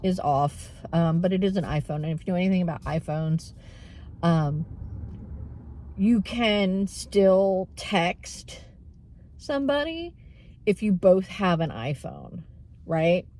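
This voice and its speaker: A woman talking openly to her viewers in a casual vlog, with many fillers and frequent throat clearing. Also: on the low side, animated, slow, warm tone, slight background noise. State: tearful at times. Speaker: vlogger. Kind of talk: casual vlog chat while running errands.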